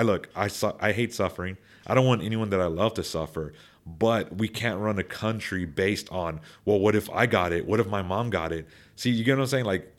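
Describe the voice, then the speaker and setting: A young man with a lowish voice talks through his opinions in loose podcast chat. He rambles, restarts sentences and repeats words, then speeds up or gets louder when he makes a point.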